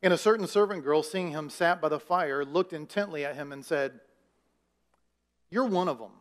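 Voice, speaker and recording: A man's voice: a little high, a little fast. A male pastor preaching a sermon in a conversational way, raising his voice for emphasis and putting questions to the congregation.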